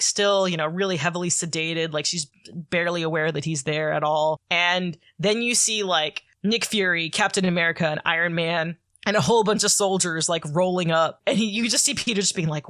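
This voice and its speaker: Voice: medium pitch, moderate pace, pushed and bright, dry recording, clean studio sound. A podcast co-host casually recapping a comic story, rambling with lots of filler words and the odd swear.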